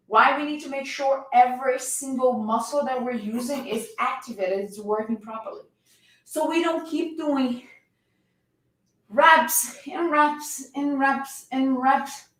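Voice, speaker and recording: High-sitting and a bit bright, the woman's voice belongs to a fitness coach demonstrating a plank in a live workout class. She's shaking from the hold yet keeps talking energetically to coax her viewers. The space is very echoey, and she's positioned away from the mic.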